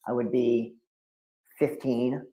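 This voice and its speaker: A man's voice: medium pitch, slow pace. Roomy-sounding man in his fifties. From New England. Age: 50s. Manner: animated storyteller acting out quotes. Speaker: occult expert guest. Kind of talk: storytelling interview. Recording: roomy echo.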